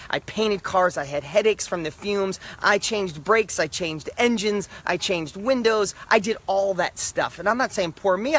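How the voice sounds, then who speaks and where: A middle-aged man giving an emphatic, repetitive motivational talk, swinging between loud and soft. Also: sits high. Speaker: motivational speaker.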